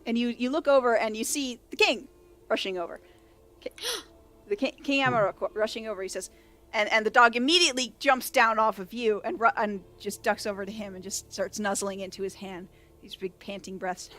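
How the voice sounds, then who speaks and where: A woman narrates as game master in a tabletop game, rambling, correcting herself, and laughing often as she describes scenes. Her mid-range voice is a little fast and fairly bright, with faint background music behind her.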